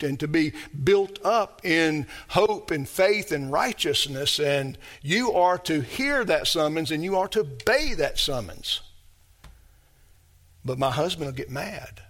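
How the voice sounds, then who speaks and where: A man preaching a sermon as pastor, emphatic and repetitive, building his phrases up to shouts. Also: fairly high pitch, vocal fry.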